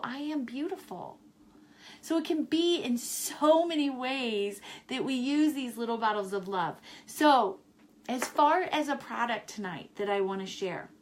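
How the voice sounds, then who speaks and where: A woman on a live stream from home, talking to viewers in a warm, encouraging way and repeating her key phrases. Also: fairly high pitch. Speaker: wellness vlogger selling essential oils. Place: home in Chicago, indoors.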